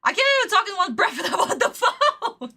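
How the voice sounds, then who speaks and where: Exasperated woman streamer, lively pitch. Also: fairly quick, gravelly. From Russia. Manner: exasperated, swearing, dramatic. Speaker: anime reaction streamer. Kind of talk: ranting livestream reaction.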